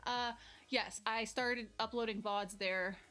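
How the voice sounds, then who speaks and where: A woman's voice: fairly high pitch, steady tone, slow pace, pushed and bright. A young woman streaming from home on a corded mic, chatting with her viewers and yelping now and then as she juggles and works up a sweat. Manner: chatty, reads chat aloud, bursts into yelps while juggling. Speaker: live streamer. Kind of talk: casual live-stream chat.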